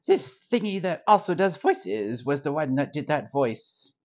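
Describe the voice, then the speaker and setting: A man's voice: a little high, a little slow, few pauses. A man hosting a comedic, improvised card-game play, ranting with sarcastic exasperation. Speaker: host playing out a card game with voices. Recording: dull lo-fi sound.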